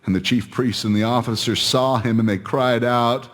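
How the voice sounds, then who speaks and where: A man giving a measured, solemn, dramatic scripture reading. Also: mid-range voice, fairly even intonation, a bit bright. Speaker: scripture reader.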